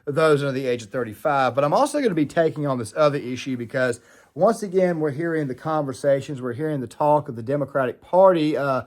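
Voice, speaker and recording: A man's voice: a little high, lively intonation, fast talker, a little mellow. A man hosting a political commentary video, talking straight to viewers in a casual way with plenty of fillers. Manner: talks to viewers directly, with frequent fillers.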